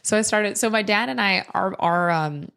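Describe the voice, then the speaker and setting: A young adult woman from the United States, a comedian guest on a podcast, telling stories in an animated way and laughing often. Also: mid-range voice, creaky, clean tone. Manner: animated storyteller, laughs often, quick asides. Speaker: comedian and content creator guest. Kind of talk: casual podcast chat.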